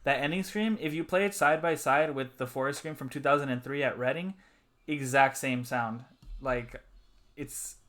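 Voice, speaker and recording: A man's voice: medium pitch, moderate pace, a bit bright. A man hosting a podcast in casual chat, enthusiastic and swearing freely. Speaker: podcast host.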